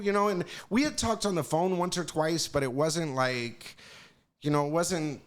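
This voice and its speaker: A man's voice: fairly high pitch, moderate pace. A man, a music executive, telling stories as a podcast guest in a loose, profane way, often asking "you know what I mean". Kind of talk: casual storytelling in a podcast interview.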